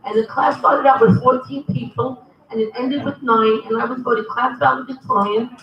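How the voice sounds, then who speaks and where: High-voiced woman telling a story in an echoey hall. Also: normal speed, slight background noise. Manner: lively storyteller, acting out dialogue. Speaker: convention speaker. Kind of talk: humorous personal story. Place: convention hall. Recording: echoey hall, from far off, dull.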